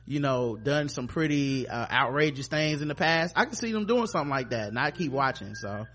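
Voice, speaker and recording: A man's voice: medium pitch, expressive, brisk, a bit bright, a little hiss or hum. A man hosting a podcast, recapping a TV episode in loose, profane casual chat and mimicking the characters as he goes. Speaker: podcast host.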